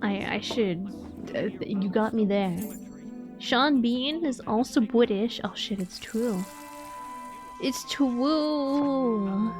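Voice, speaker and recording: A woman's voice: a little high, slow, over music. A young woman streaming a game live, chatting casually, laughing often and answering her chat.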